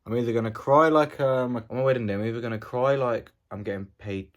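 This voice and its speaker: A man chatting casually to camera in a vlog. He rambles and jokes at an ordinary, mid-range pitch. His voice often sinks into quiet, mumbled asides. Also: steady tone, quick pace, lo-fi sound. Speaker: vlogger.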